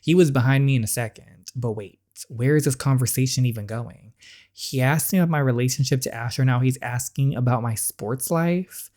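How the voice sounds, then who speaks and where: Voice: medium pitch, normal speed, a little mellow, natural voice. A YouTuber reading the inner thoughts and lines of a determined young heroine in a story game, in a firm, defiant way. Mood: uneasy. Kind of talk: reading game dialogue aloud.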